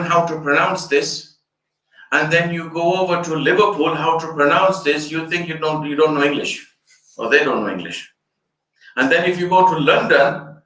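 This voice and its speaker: A man's voice: on the high side, a bit bright. An older man, an Islamic scholar, giving an explanatory fundraiser lecture. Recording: echoey room, distant mic.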